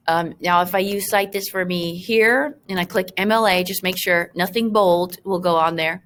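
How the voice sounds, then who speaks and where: A woman's voice: lowish voice, steady tone, moderate pace, few pauses, a bit bright. A woman teacher talking through a screen-recorded lesson, chatty and full of fillers, with joking asides to her students.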